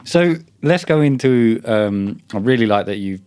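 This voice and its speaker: A man's voice: mid-range voice, expressive, unhurried, darkish tone, clear, resonant tone. A man hosting a podcast, chatting casually, giving short agreeing replies and laughing often. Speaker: podcast host. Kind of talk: casual chat.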